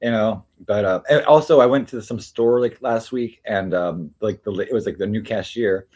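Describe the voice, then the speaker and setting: A man's voice: lowish voice, moderate pace, darkish tone. A man chatting casually on a livestream, rambling with many fillers and restarts. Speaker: streamer.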